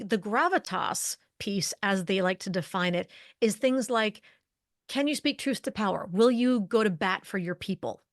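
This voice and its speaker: Speaking at a medium pitch in studio-quality audio without echo, a middle-aged woman talks leadership presence as a podcast guest. She's a leadership communication expert, articulate in this conversational interview, building her points from runs of rhetorical questions.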